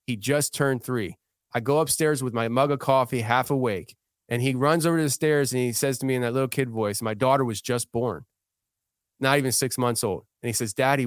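A thirtysomething man with a clear, smooth, mid-range voice tells a story earnestly as a guest on a casual podcast. He often starts sentences over while working through his thoughts. The recording is dry and close, made in a studio.

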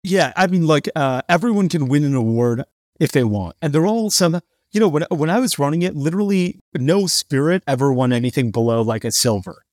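A man's voice: a little high, expressive, fairly quick, darkish tone, no room sound, studio quality. A man co-hosting a business podcast in casual chat, sarcastic and fond of mocking people by putting on their voices. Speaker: podcast co-host.

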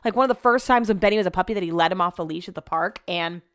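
A young woman with a smooth, clear voice rambles through everyday stories in a loose, chatty way and swears freely. The sound is close and dry, with no room around her. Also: fairly low pitch, rapid-fire, a bit bright, no echo. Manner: rambling, profane storytelling. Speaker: radio show host. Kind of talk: casual chat monologue.

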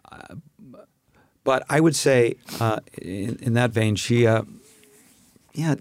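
Un hombre de mediana edad, actor e imitador invitado, que conversa de forma relajada y juguetona en un pódcast. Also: male voice, medium pitch, darkish tone, no room sound. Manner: playful, bursts of laughter and quick voice switches. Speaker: guest, actor and impressionist. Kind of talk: casual podcast chat.

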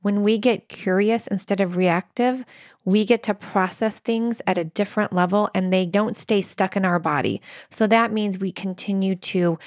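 A woman's voice: mid-range voice, steady tone, moderate pace, a little mellow, dry recording, clean studio sound. A woman in her thirties co-hosting a relationship podcast, telling stories in an earnest way with quoted dialogue. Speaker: podcast co-host. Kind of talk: casual relationship talk.

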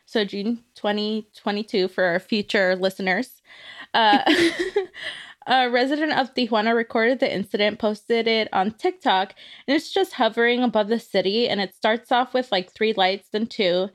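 A woman's voice: on the high side, normal speed. A woman co-hosting a podcast in casual chat, telling stories animatedly and laughing often. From United States. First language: Spanish speaker from childhood. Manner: giggly, animated storytelling with laughter. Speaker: podcast co-host.

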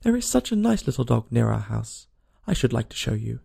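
A man's voice: medium pitch, big pitch swings, fairly quick, vocal fry, warm tone, breathy edge, exaggerated voice. A man voicing a polite, curious young girl who chatters eagerly and earnestly in a storybook reading.

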